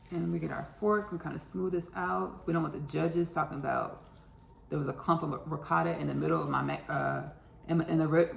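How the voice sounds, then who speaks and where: A woman's voice: low voice, creaky, reverberant, a little hiss or hum. A woman from Texas with a Texan accent, hosting a casual home cooking video and chatting as she works, often repeating her phrases. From Austin, Texas. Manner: chatty, repeats phrases, laughs at own jokes.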